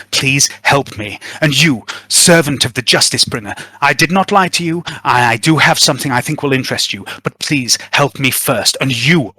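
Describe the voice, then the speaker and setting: A man's voice: mid-range voice, sharp tone, dry recording. A man voicing a haughty, commanding noblewoman in a raised voice, giving clipped orders.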